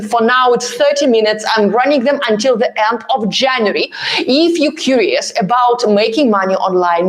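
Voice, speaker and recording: A woman in her thirties, not a native English speaker, hosting a live Q&A and answering viewers bluntly and eagerly, with lots of fillers. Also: on the high side. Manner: blunt, animated and pushy, with many fillers. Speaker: host answering viewer comments. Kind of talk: live-stream Q&A chat.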